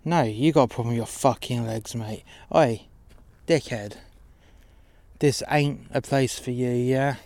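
A man's voice: mid-range voice, a little slow, darkish tone, no echo, natural voice. A man playing a rude doorman who taunts and swears. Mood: taunting.

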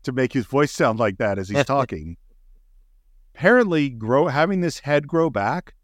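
A man's voice: medium pitch, expressive, moderate pace, dry recording. Man retelling a film scene, dry sound. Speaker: podcast co-host. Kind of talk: casual film discussion.

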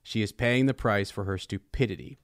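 Guy reading a cold bossy sorceress lady, low flat voice, dry sound. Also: brisk, clear, resonant tone, no room sound, natural voice. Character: cold scheming female sorceress, commanding.

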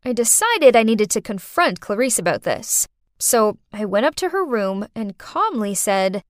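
Lively woman telling a dramatic story. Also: a little high, a little slow, no room sound, studio quality. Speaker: narrator. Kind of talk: first-person storytelling podcast.

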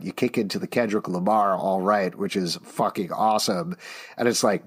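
Speaking at normal speed in a low voice with a breathy edge, this thirty-something podcast co-host is animated and enthusiastic. He discusses things casually and chuckles frequently.

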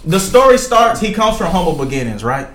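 Animated young man retelling movie scenes. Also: high-pitched, fairly quick. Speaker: podcast host. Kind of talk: casual chat among friends. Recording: echoey room, faint background noise.

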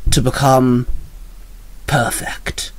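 Man doing a cold quiet villain. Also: mid-range voice, no echo, lightly acted. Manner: slow, quiet, menacing. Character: cold eerie scarred male villain.

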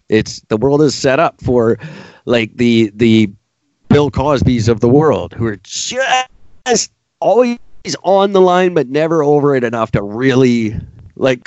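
A man's voice: medium pitch, darkish tone, dry recording, highs cut off. Sarcastic man ranting on a podcast. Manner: ranting, sarcastic, mocking put-on voices. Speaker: podcast co-host. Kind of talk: casual podcast chat.

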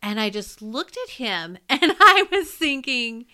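A woman teacher telling a funny classroom story in an animated way, laughing as she goes. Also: fairly high pitch, measured pace, clear, resonant tone. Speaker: teacher and podcast co-host. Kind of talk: personal storytelling.

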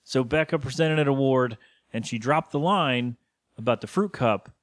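A man co-hosting a podcast, casually recapping a cartoon episode with jokes and quick quoted voices. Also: medium pitch, no room sound, studio quality. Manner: joking, retells scenes with quick put-on quotes. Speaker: podcast co-host.

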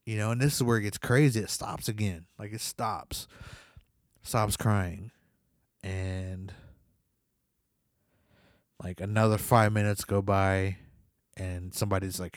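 A man's voice: low voice, measured pace, pauses often, dry recording, studio quality. Rambling young man telling a ghost story. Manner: rambling, full of "like" and "you know"; swears in quoted reactions. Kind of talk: casual spoken ghost story.

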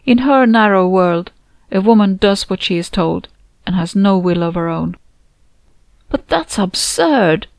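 A woman narrating a first-person novel in a measured, expressive reading. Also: fairly low pitch, no room sound. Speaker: audiobook narrator. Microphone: close, dry home studio.

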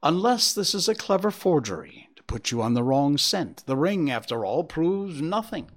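A sharp Victorian detective, read by a man, laying out his deductions in a measured, clipped way. His voice rises and falls with lively emphasis as he reasons it through, like a storybook reading. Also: a little high, voice pushed up. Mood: deducing. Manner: brisk deductive explaining, measured. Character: Victorian male detective, keen, clipped and analytical.

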